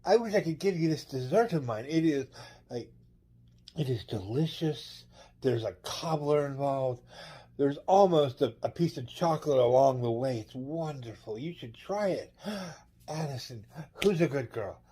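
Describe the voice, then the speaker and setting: A man's voice: medium pitch, animated, measured pace, dark tone, slightly rough. A man voicing a doting pet owner who coos at a dog in a sing-song way. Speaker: caller.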